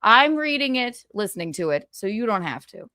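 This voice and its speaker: A woman hosts a casual pop-culture gossip livestream, chatty and giggly, saying she's exhausted and dropping tired asides. Her voice is fairly high, very animated, and sharp, at a normal speed, in clean studio sound with no room sound.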